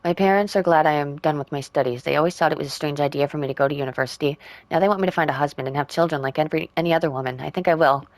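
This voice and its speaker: A woman playing a puzzle game, reading in-game letters aloud and working out clues with quiet asides. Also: low voice, racing, no room sound. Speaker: game streamer.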